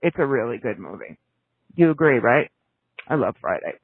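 A woman's voice: extremely low pitch, sing-song, normal speed, dry recording. Woman podcast co-host, snarky and opinionated, dry tinny phone-like sound. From United States. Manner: snarky, opinionated, talks in bursts. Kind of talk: casual chat.

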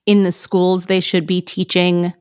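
A woman's voice: lowish voice, completely flat delivery, unhurried, a little mellow, smooth. A woman hosting a podcast, chatting enthusiastically with her guest and signing off with a friendly outro. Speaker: podcast host. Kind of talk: casual interview chat.

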